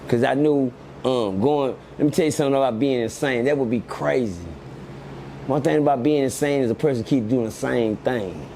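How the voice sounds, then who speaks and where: A middle-aged man, telling stories in an animated, preachy way and repeating lines for emphasis. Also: mid-range voice, creaky, slight background noise. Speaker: podcast guest. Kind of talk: casual storytelling chat.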